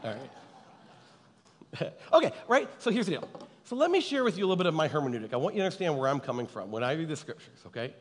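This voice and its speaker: A man's voice: a little high, very animated, fast, long pauses. A man preaching a conversational sermon to a live audience, chatty and teasing, always checking in with his listeners. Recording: long hall reverb.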